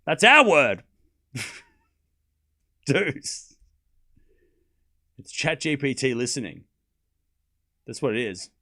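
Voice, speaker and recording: Hosting a livestream tennis watchalong, this young man talks slowly at a medium pitch, pausing often. Still chatty and excitable, he laughs a lot, repeats phrases, and announces live scores while casually chatting with viewers.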